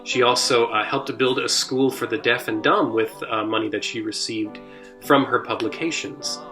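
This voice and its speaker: Bright-voiced man giving a halting church talk. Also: mid-range voice, steady tone, faint music behind. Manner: halting, full of "uh" and restarts. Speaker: church music minister. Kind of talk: informal hymn history talk.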